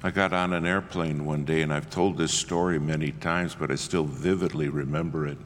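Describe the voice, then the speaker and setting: A preacher with a very low voice tells funny stories on himself. His delivery is punchy and self-mocking. His words ring with a long hall reverb over faint ambient noise. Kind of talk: humorous storytelling sermon.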